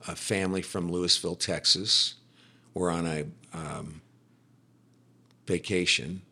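Middle-aged guy on a podcast, deep husky voice, animated storyteller. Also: unhurried. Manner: animated storyteller, acts out quoted speech. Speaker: podcast guest. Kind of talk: personal faith testimony in casual conversation.

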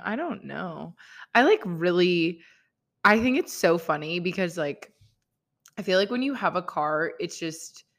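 On her own casual podcast, a young woman talks solo in a rambling, chatty way full of "like" fillers. Her voice is on the low side with a fairly bright tone.

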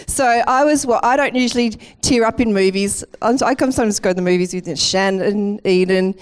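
A middle-aged woman, a campus pastor giving a lively, playful welcome and sermon in church. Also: mid-range voice, brisk, smooth. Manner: chatty and playful, laughing at herself. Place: church auditorium.

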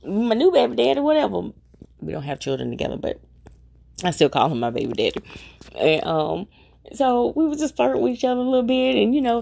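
A middle-aged woman casually telling a personal story, chatty and animated, acting out her family's voices and repeating herself for emphasis. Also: mid-range voice, gravelly.

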